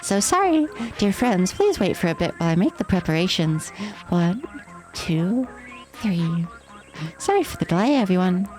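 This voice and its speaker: A woman's voice: lowish voice, sing-song, moderate pace, a little mellow, faint music behind, rough recording. A woman voicing a gleeful, sadistic female TV game show host in a mocking, theatrical way. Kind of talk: voicing game dialogue on stream.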